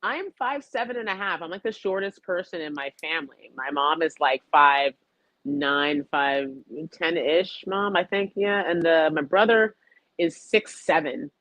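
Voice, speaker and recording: A woman's voice: sits low, unhurried, a bit bright, dry recording. Chatty self-deprecating woman, dull audio. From New York. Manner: rambling, self-deprecating, giggly. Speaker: guest, chef and comedian. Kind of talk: casual talk show chat. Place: home, video call.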